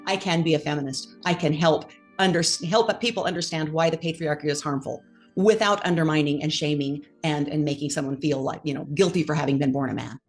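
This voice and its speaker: A mother talking as an interview guest, thoughtful and a bit hesitant, pausing on small fillers as she builds her point. Her voice sits lower than most women's, and faint music runs quietly behind her. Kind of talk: conversational interview.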